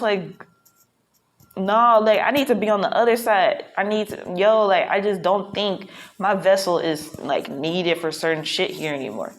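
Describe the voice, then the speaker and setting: A woman's voice: medium pitch, normal speed. A woman vlogging a casual, reflective monologue, rambling and frank with plenty of profanity, from a hotel room.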